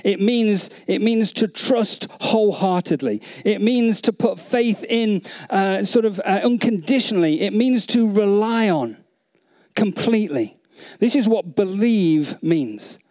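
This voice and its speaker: A man's voice: high-pitched, expressive, unhurried, darkish tone. A man preaching a sermon, earnest, repeating phrases and asking the congregation questions. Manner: earnest, many restarts, repeats phrases, asks the audience questions. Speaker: pastor.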